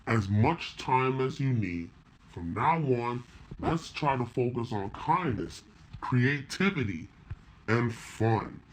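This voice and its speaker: Cartoon fish mentor: gentle, encouraging and unhurried, with a slight hiss behind him. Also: male voice, medium pitch, expressive. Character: kind grown-up fish mentor to kids. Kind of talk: animated film voice acting.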